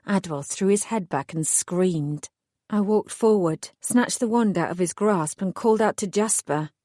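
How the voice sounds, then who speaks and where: A woman's voice: medium pitch, a little slow, dark tone, dry recording. Woman narrating an audiobook, dry sound. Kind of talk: first-person audiobook narration.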